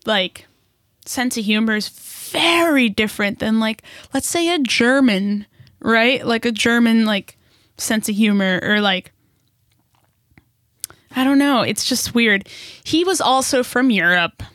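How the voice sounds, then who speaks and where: A woman co-hosting a podcast, telling a story in an animated, indignant way and swearing freely. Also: fairly high pitch, unhurried, no echo, studio quality. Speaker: podcast co-host. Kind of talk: casual storytelling chat.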